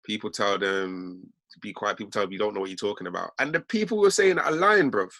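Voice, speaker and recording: A man's voice: on the low side, expressive, fairly bright tone, no echo. A young man, telling a rambling story in heavy street slang. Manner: slangy, fast, peppered with innit and bruv. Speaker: host.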